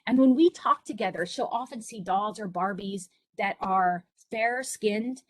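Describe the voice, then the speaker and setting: A woman's voice: mid-range voice, measured pace, a little hiss or hum. A middle-aged woman presenting to parents over a video call, telling personal stories in an earnest, encouraging way. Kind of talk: online presentation for families.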